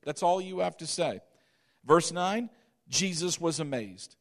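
A man's voice: on the high side, lively intonation, unhurried, a bit bright. A male pastor preaching a sermon, reading scripture aloud and repeating key phrases for emphasis, at times asking the congregation to repeat after him.

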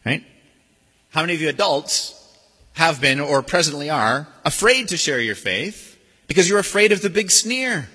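A man preaching a sermon in a church, lively and expressive, mimicking sneering voices as he makes his points. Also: fairly high pitch, normal speed, breathy edge. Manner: animated, acts out sneering voices. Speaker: pastor. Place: church sanctuary. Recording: long hall reverb.

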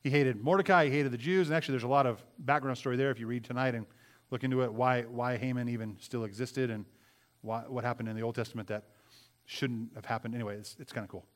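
A man's voice: medium pitch, fairly even intonation. A man preaching a sermon, talking in a loose, conversational way with frequent restarts, and reading scripture aloud. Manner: conversational, halting, with many restarts, rising to loud emphasis. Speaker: pastor.

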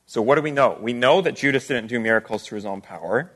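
A man with a mid-range voice preaches fast as a pastor, talking casually. His conversational teaching is laced with rhetorical questions for the listeners.

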